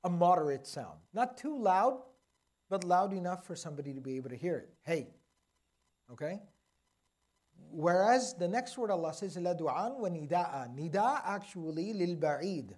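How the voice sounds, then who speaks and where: A man giving a religious lecture to a live audience. He explains carefully, slows down to stress key words and keeps checking in with "okay?" and "right?". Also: sits high, very animated, darkish tone. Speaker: Quran teacher.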